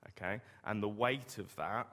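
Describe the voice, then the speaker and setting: A lowish-voiced man preaches conversationally at a moderate pace, his tone sharp. He often puts rhetorical questions to his listeners, and the recording carries a hall's long reverb.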